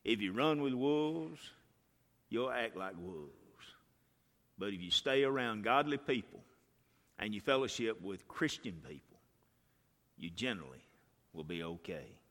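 Male preacher, folksy sermon voice, animated pitch, echoing hall. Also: measured pace, long pauses. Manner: folksy storytelling, swings from hushed to shouting. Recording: reverberant hall.

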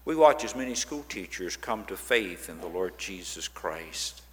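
In a large hall with long reverb, a low-pitched man speaks a little slowly, with slight background noise audible. His church talk tells stories about a ministry, and he animatedly performs the quoted voices of the people he describes.

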